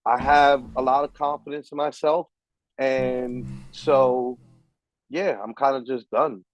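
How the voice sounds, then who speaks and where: A man's voice: medium pitch, steady tone, slow pace, lo-fi sound. A man hosting a podcast, ranting in heated, profane, emphatic casual talk. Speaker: podcast host. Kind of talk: casual chat.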